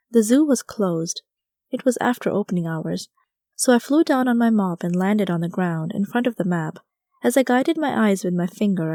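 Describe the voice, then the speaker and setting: A woman's voice: medium pitch, mellow, no room sound, studio quality. A woman reading a first-person story aloud as an audiobook narrator, in a wry, conversational storytelling manner.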